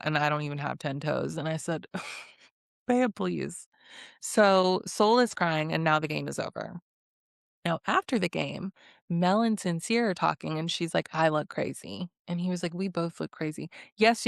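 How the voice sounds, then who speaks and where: A woman's voice: fairly low pitch, dry recording, clean studio sound. A young woman giving a sassy, casual recap of a reality show, with blunt opinions and laughing asides. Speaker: recap vlogger.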